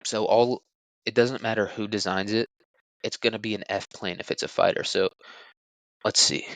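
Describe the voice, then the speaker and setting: A man's voice: on the low side, fairly even intonation, normal speed, gravelly, fairly bright tone, dry recording, poor audio. A young man hosting a solo podcast, rambling crudely with jokes and lots of fillers. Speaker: podcast host. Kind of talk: casual solo podcast talk.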